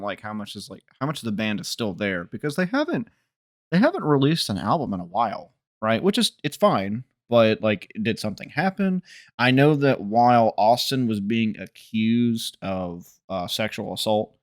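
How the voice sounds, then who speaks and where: A man's voice: medium pitch, no echo, clean studio sound. A man co-hosting a podcast, chatting casually about music in a loose, rambling way as he thinks aloud. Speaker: podcast co-host.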